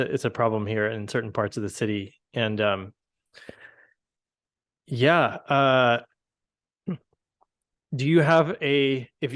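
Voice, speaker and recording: A man hosting a podcast, asking thoughtful, halting questions in casual interview chat. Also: medium pitch, fairly bright tone. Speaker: podcast host.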